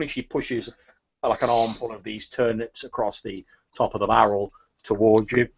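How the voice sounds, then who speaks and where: A man running a tabletop game as game master, narrating scenes in a halting, descriptive way. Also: on the low side, fairly even intonation, vocal fry, breathy edge, dull audio.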